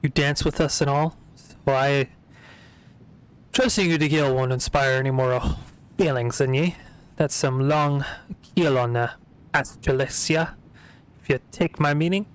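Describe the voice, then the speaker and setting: A man voicing a drunken, gruff male pirate sailor with slurred, old-timey seafaring speech. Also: medium pitch, a little slow, pauses often, natural voice.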